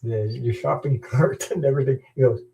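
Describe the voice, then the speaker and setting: A man's voice: medium pitch, a little fast, creaky, mellow, low-quality recording. A middle-aged man chatting casually as host of a live stream, rambling and chuckling, often repeating words. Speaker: tarot channel host. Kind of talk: casual chat.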